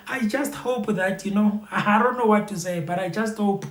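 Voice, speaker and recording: A South African YouTube commentator speaks to his viewers in a high voice at normal speed, with a reverberant sound. His casual talk rambles and repeats itself, packed with fillers and recycled phrases.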